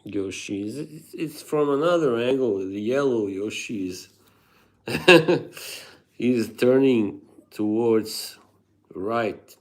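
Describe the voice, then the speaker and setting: A man's voice: medium pitch, expressive, takes it slowly, pauses often, darkish tone. A man live streaming, chatting casually with viewers, rambling, laughing often and reading chat aloud.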